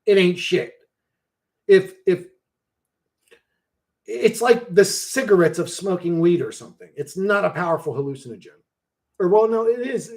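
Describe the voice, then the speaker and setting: A man's voice: high voice, animated, normal speed, pauses often, a little mellow. A man hosting a casual livestream, reading chat and answering bluntly with lots of swearing and "bro.".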